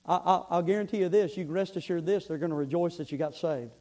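High-voiced earnest pastor preaching. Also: male voice, quick pace, dark tone, low-quality recording. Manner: earnest, repeats words, storytelling. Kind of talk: sermon.

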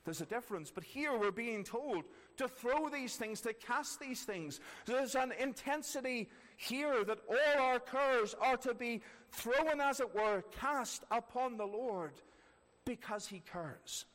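A man's voice: very high-pitched, expressive, slow pace, fairly bright tone. A man preaching a sermon earnestly, repeating key phrases for emphasis. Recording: long reverb of a large hall.

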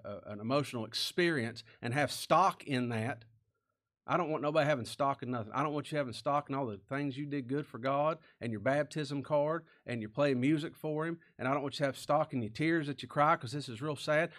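Preaching as pastor, a man speaks in a plain, folksy manner, asking questions he doesn't expect answered and sometimes dropping almost to a whisper. His voice is mid-range.

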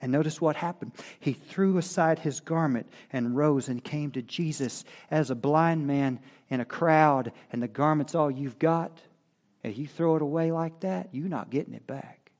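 A man preaching a sermon as pastor, reading scripture and rising to loud, impassioned cries. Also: fairly high pitch. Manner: slow, building to loud impassioned cries when quoting scripture.

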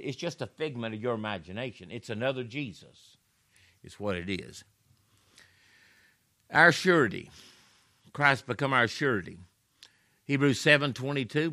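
A man's voice: medium pitch, pushed and bright. A man preaching a sermon, telling scripture stories in a folksy way with emphatic rises and drops.

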